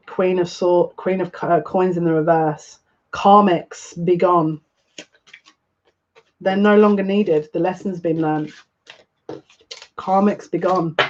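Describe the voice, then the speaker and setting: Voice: medium pitch, slight background noise. A tarot reader gives a collective tarot reading, overwhelmed and emotional, often breathless and restarting sentences. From United Kingdom. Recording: slightly muffled lo-fi audio.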